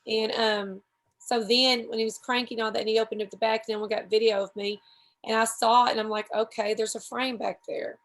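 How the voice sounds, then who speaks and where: A chatty woman talks on a podcast in a fairly high, easygoing voice. She tells long, rambling stories and pokes fun at herself as she goes. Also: flat delivery, a little fast. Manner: rambling, self-deprecating, chatty. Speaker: podcast guest. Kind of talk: casual storytelling chat.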